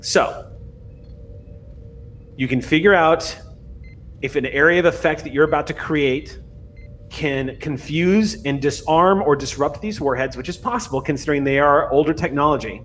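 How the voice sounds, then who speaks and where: A man running a tabletop role-playing game as game master, narrating and setting rolls in a relaxed, chatty way. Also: on the high side, slight background noise. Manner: relaxed, chatty, with fillers and laughs.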